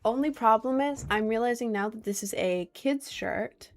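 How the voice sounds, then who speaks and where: A woman's voice: fairly high pitch, moderate pace, faint music behind. Chatty young woman livestreamer. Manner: chatty, rambling, greeting viewers by name. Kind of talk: casual livestream chat.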